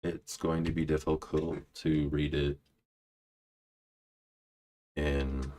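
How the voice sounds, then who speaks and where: A man's voice: very deep voice, level tone, takes it slowly, darkish tone. A man streaming live, chatting casually and reading his own poetry aloud, restarting lines when he slips. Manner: self-deprecating, restarts lines, muttering asides.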